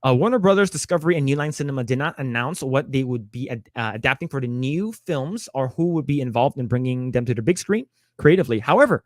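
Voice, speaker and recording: A man's voice: medium pitch, expressive, quick pace, hardly any pauses, dry recording, clean studio sound. A man co-hosting a casual podcast, reading out news items and stopping to react, with many fillers and repeated words. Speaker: podcast co-host.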